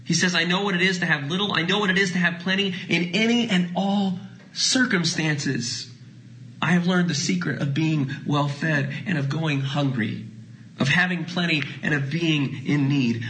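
A pastor preaching a sermon, swinging between lively emphasis and soft, drawn-out phrases. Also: male voice, on the high side, low-quality recording. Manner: dynamic preaching, drops to soft hushed phrases.

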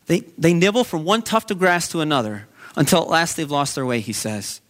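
High-voiced man preaching a sermon. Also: very animated, brisk, a bit bright. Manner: earnest storytelling preacher. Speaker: pastor.

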